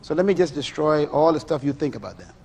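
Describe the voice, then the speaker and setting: A middle-aged man preaching a sermon, animated and full of rhetorical questions to his listeners. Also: on the high side, quick pace, gravelly.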